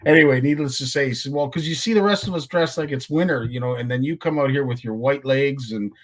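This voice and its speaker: A man's voice: medium pitch, fast. A man from Canada hosting a talk show, chatting casually with jokes at his own expense. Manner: jokey, self-deprecating. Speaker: host. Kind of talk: casual chat.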